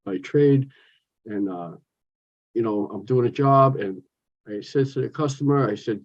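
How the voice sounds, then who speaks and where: A man's voice: medium pitch, big pitch swings, a little fast, a little mellow, slightly rough. Outspoken older New man, lo-fi. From New York. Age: 60s. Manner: outspoken, jokey, talks with his hands of stories and asides. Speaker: recovery meeting speaker. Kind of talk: personal share at a recovery meeting. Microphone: phone.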